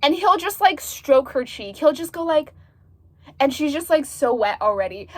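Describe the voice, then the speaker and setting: A woman's voice: high voice, normal speed, dry recording. A young woman in her twenties chatting animatedly about books in a casual review vlog, full of "like" fillers. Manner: chatty, animated, uses like a lot. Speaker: book reviewer.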